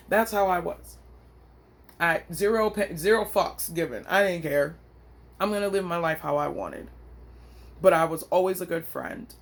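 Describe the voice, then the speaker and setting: A woman's voice: low voice, unhurried. A woman vlogger venting into her phone, frustrated and blunt, with slangy, profane talk. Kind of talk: emotional personal vent.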